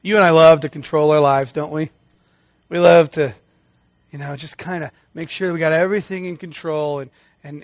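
Man, pastor, sermon, higher-pitched voice, emphatic, dry close recording. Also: no room sound. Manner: earnest, emphatic preaching with repeated phrases and restarts.

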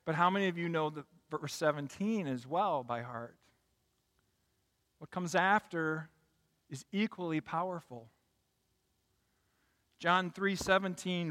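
Preaching in a big room, the male pastor lets his high, bright voice ring into long reverb. His pace is measured and he pauses often, climbing to emphatic peaks before going low and quiet for stories.

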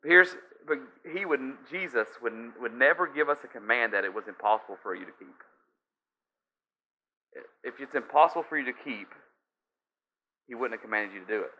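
A man's voice: medium pitch, expressive, a little fast, pauses often, bright, forceful tone, slight background noise. A man preaching a sermon, emphatic, often restarting and repeating key phrases. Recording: slightly dull lo-fi sound.

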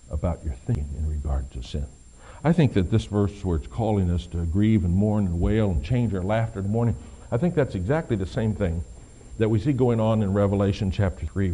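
A middle-aged man preaches a sermon in a dark, mellow voice. His pitch moves a lot, and he swings from quiet, hushed lines to loud, emphatic ones. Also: husky. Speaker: pastor.

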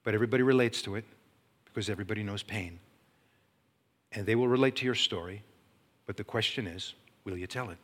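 A middle-aged man preaching a testimony sermon, telling his story dramatically and swinging from hushed, low passages to loud, urgent ones. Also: fast, pauses often. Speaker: Christian speaker and former teacher.

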